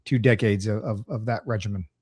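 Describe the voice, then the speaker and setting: A man's voice: lowish voice, steady tone, fairly quick, darkish tone, slightly rough, no room sound, studio quality. A man in his forties chatting casually on a podcast with teasing, joking banter. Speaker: podcast co-host. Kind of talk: casual chat.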